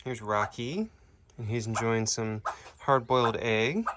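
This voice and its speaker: A man's voice: mid-range voice, unhurried, background noise. A man who keeps an animal sanctuary, narrating a casual vlog outdoors, explaining animal care plainly and cooing at the animals.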